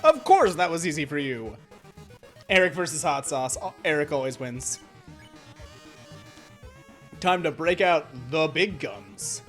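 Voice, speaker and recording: A flamboyant male robot game-show host, voiced by a man streaming a game, delivers every line with theatrical announcer flair. The pitch leaps up and down with lively swings, and faint music plays underneath. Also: unhurried, pauses often. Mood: showy. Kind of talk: streamer voicing game dialogue.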